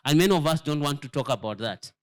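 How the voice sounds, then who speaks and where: Emphatic man preaching, higher-pitched. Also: animated, fast. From Zambia. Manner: emphatic, rhetorical questions to the audience, repeats words while searching. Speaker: church elder teaching a lesson. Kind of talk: sermon-style lesson to a congregation.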